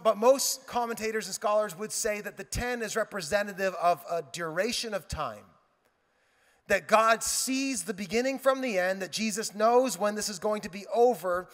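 A male pastor preaching a sermon, telling a lively story with quoted dialogue and joking asides. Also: high voice. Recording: reverberant hall.

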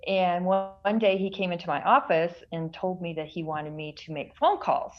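A woman guest telling a story in a chatty, relaxed way during a podcast interview over a video call. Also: on the low side, moderate pace, lo-fi sound. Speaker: guest, author's wife.

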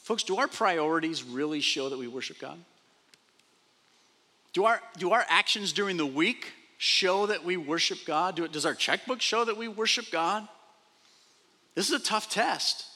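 A man pastor preaching a sermon, animated, repeating phrases and acting out quoted speech. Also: high voice, moderate pace. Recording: long reverb of a large hall.

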